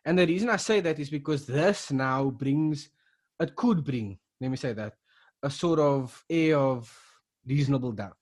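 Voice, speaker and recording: A man's voice: mid-range voice, moderate pace, a little mellow. A man from South Africa co-hosting a casual podcast, retelling events with lots of restarts and fillers. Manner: rambling, many restarts and fillers. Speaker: podcast co-host.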